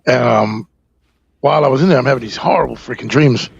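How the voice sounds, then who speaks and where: A man from New Jersey, a podcast guest, candidly recounting a personal story in a halting, rambling way full of fillers and profanity. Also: medium pitch, gravelly, breathy edge, highs cut off.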